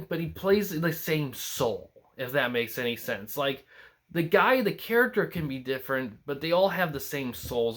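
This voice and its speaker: A man's voice: medium pitch, a bit bright. A young man hosting a casual film review, talking alone and rambling through many restarts and fillers. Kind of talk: casual solo film commentary.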